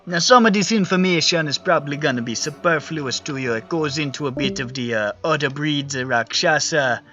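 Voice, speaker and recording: A man's voice: on the high side, fairly quick, pushed and bright, highs cut off, voice pushed up. A man voicing a friendly male scholar, putting on a Jamaican accent and talking in an easygoing, chatty way. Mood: helpful. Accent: Jamaican, put on.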